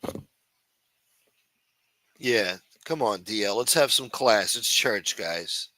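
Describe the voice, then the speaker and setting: A man's voice: fairly low pitch, expressive, slow, bright, forceful tone, no echo. A man hosting a livestream, reading news headlines and riffing on them with crude, sarcastic, profanity-laced commentary. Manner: crude, sarcastic, reads headlines aloud then rants. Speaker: livestream host.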